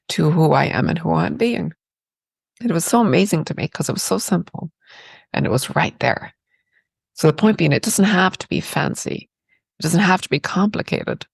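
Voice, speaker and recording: A woman's voice: low-pitched, vocal fry, breathy edge, no echo. A woman from Ireland with an Irish accent, a podcast guest telling personal stories in a reflective, spiritual way. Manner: reflective and spiritual, with rhetorical "right?". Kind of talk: personal storytelling.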